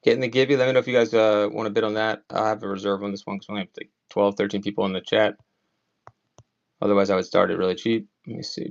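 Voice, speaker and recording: Chatty Maryland man selling live. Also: fairly low pitch. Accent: slight Maryland. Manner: rambling, chatty, many "like" fillers. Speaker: online auction seller. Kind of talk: casual live-selling chat. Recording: slightly dull lo-fi stream audio.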